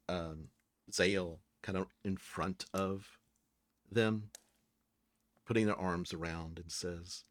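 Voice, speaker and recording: A man narrating as game master in a casual, halting way with many fillers. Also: sits low, dry recording.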